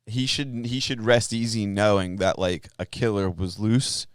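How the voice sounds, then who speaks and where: Podcast co-host guy with a lowish voice, dry sound, acts out little scenes as he jokes. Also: unhurried, clean tone, dry recording. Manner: joking storyteller, acts out both sides of exchanges. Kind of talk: casual chat.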